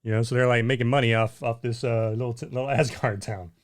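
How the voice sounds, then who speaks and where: A man's voice: medium pitch, fairly even intonation, fast talker. A man co-hosting a casual chat, blunt and exasperated, often repeating himself and saying "man". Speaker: podcast co-host.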